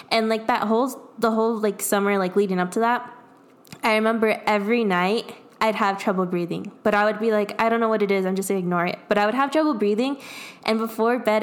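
A young adult woman in casual chat, telling a personal story in a rambling way, full of fillers and laughs. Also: a little high. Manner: rambling, lots of "like", laughs often.

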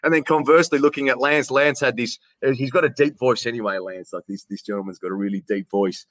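A middle-aged Australian man in a casual interview, telling stories in a chatty, animated way and calling the host "mate". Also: medium pitch, fast talker, no echo. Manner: chatty, animated storyteller who says "mate" often. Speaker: interview guest, sports announcer.

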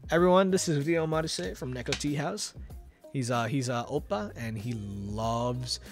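A man chatting casually on a live stream, animated and giggly, rambling with restarts. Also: medium pitch, a little slow, faint music behind. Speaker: VTuber streamer.

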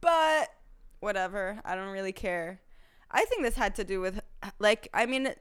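A young woman with a smooth, clear voice at an ordinary pitch, co-hosting a podcast. She chats in a relaxed, casual way and responds quickly. Her delivery is easygoing. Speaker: podcast co-host. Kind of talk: casual chat.

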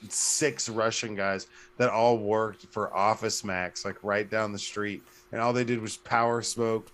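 A man's voice: lowish voice, flat delivery, unhurried, fairly bright tone. A man in casual chat with a friend, joking and laughing often as he tells stories.

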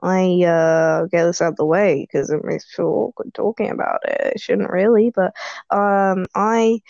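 A woman's voice: fairly low pitch, fairly even intonation, a little slow, creaky, a little mellow, dry recording, muffled recording. A teenage girl chatting casually as co-host, rambling and laughing a lot. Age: teens. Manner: giggly, rambling, self-deprecating. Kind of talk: casual chat.

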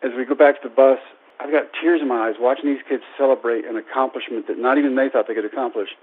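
A man in his thirties, a baseball coach, telling a lively personal story to an audience and acting out the voices in it. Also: medium pitch, quick pace. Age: 30s. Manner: animated, acts out quoted voices. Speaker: baseball coach and public speaker. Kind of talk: storytelling speech. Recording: tinny phone-like radio broadcast.

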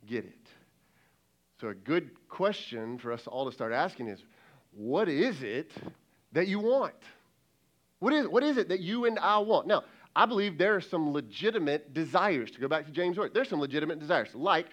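A man's voice: on the high side, dull audio. A man preaching a sermon as lead pastor, talking in a conversational, emphatic way and acting out quoted dialogue.

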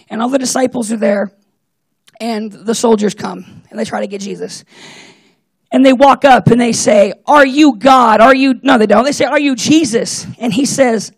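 Casual young-church male preacher, animated storyteller, raspy tone, high-pitched. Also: no echo. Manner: animated, jokey, acts out Bible characters. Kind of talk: casual sermon.

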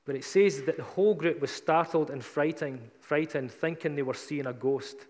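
A man's voice: fairly high pitch, moderate pace, hardly any pauses, darkish tone. Man preaching conversationally in a reverberant hall. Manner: conversational storytelling, retelling scripture casually. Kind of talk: sermon.

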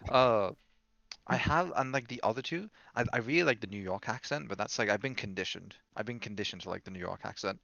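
A man's voice: on the low side, expressive, a little fast, gravelly, fairly bright tone, no echo, highs cut off. A young man co-hosting a podcast in casual chat, teasing his friends and swearing freely. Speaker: podcast co-host.

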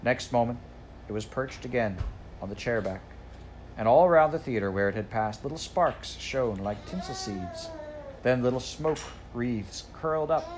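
A man reading a children's storybook aloud, in a measured, unhurried narration. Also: mid-range voice, background noise. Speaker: audiobook reader.

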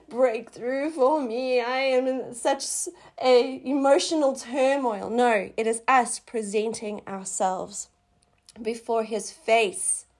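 A middle-aged woman hosting a faith talk, telling a personal testimony in a casual, excitable way with sudden high exclamations. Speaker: faith podcast host.

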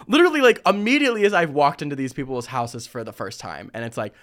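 A young man hosting a casual chat, reading listener stories and telling his own with lively slang and frequent laughter. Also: a little high, fast, hardly any pauses. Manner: animated, laughs often, chatty slang. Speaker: podcast host.

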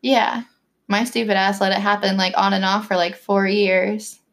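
A woman's voice: medium pitch, flat delivery, moderate pace, a bit bright. Chatty young woman with constant fillers. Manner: chatty storytelling, constant "like" fillers, acts out quotes. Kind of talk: casual chat.

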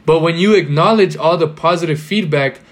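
A man's voice: fairly high pitch, brisk, noisy background. A young man in casual podcast chat, rambling with lots of filler words and loose slang. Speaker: podcast guest or co-host.

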